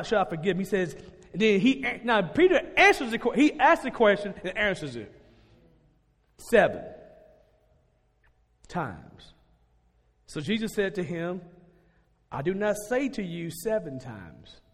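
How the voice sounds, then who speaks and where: A man preaching a sermon in a lively, conversational way to his congregation. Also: sits high. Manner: animated, conversational, laughs and shouts at peaks. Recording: long hall reverb.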